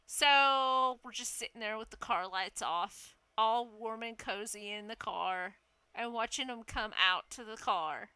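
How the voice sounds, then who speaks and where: A woman telling a story casually, animated and laughing, swearing freely. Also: a little high, no room sound.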